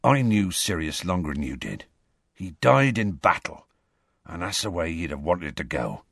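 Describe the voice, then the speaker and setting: Huge gruff half-giant man, voiced by a male reader, kindly, swinging pitch, close dry sound. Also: big pitch swings, normal speed, no room sound, full character voice. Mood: quiet somber. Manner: gruff, then soft and hushed.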